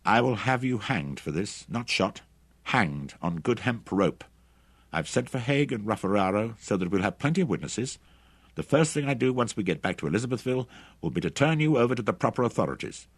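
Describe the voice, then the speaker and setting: Man voicing cold steady officer, deep husky voice, measured. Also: no room sound. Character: grim male officer, cold and controlled fury.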